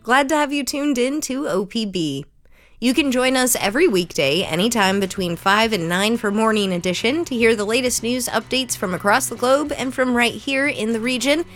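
A woman public radio host giving station announcements in a brisk, friendly announcer manner. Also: on the high side, fairly bright tone, faint music behind.

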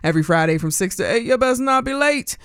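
A woman's voice: animated, a bit bright, clean tone, no room sound. Bubbly chatty woman radio DJ. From Pennsylvania. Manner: bubbly, chatty, quick shifts in pitch and pace. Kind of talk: casual radio show hosting. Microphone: studio mic. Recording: dry studio sound.

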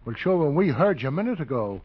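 An actor playing a blunt, suspicious detective's partner in a 1940s radio drama, talking in a needling way. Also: male voice, fairly high pitch, very animated, fast talker, slightly rough, no room sound. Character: blunt, suspicious male sidekick, tough partner. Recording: muffled old radio broadcast.

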